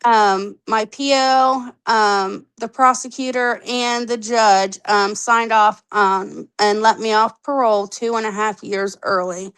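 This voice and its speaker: A woman in her thirties telling her own story candidly on a podcast, animated, acting out the voices she quotes and swearing freely. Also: mid-range voice, slow, hardly any pauses, smooth, rough recording. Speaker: podcast guest.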